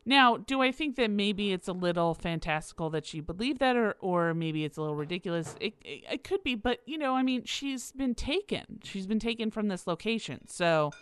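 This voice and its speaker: A woman's voice: mid-range voice, animated, moderate pace, hardly any pauses, clear, resonant tone, no room sound. A woman hosting a podcast on her own, rambling casually with laughs and frequent fillers. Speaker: podcast host. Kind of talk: casual solo commentary.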